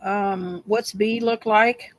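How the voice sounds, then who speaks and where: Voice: mid-range voice, fairly even intonation, slow, a bit bright, no room sound, poor audio. A buyer at a live online sale, calling out short, practical bids and questions. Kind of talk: casual chat.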